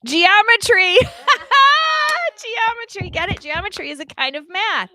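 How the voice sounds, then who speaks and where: A woman's voice: extremely high pitch, brisk, rough recording. A woman teacher on the school morning announcements, playful and joking with the children. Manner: playful, animated, tells jokes to children.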